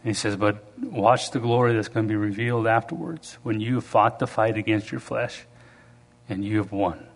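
A middle-aged man preaching a sermon, telling stories and shouting out the lines of the people in them. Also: fairly low pitch, moderate pace. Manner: storytelling, acts out quoted voices loudly. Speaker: pastor.

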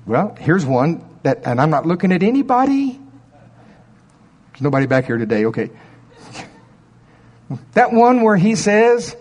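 A man's voice: high-pitched, big pitch swings, unhurried, long pauses, a little mellow, long reverb tail. A middle-aged man preaching a sermon in a conversational storytelling way, with asides and rhetorical questions to the congregation. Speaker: pastor.

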